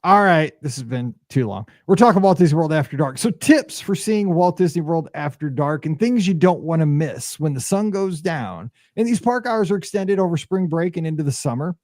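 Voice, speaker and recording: Podcast host, male, a touch high-pitched, rambling and animated, many fillers, dry close sound. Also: moderate pace, few pauses, dry recording. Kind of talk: casual podcast chat.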